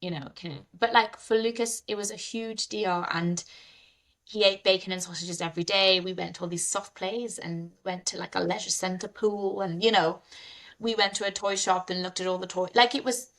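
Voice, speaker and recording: A woman's voice: mid-range voice, moderate pace. A woman, a mother and podcast guest, telling candid stories in casual chat with laughs. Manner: candid, animated storytelling with laughs. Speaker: mother of two.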